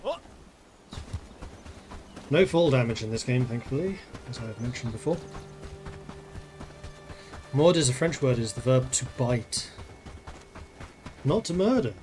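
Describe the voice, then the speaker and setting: A man's voice: mid-range voice, lively intonation, measured pace, pauses often, darkish tone, soft background music. A man streaming a game, casually thinking aloud and playing with wordplay. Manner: musing aloud, playful with wordplay. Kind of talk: casual live-stream gameplay commentary.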